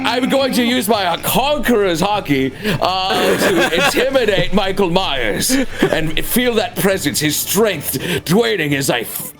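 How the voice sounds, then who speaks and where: Man, tabletop player, fairly high voice, lively swings in pitch, excitable and laughing, faint music. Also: gravelly. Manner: excitable, laughing, swearing often. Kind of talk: casual tabletop game play.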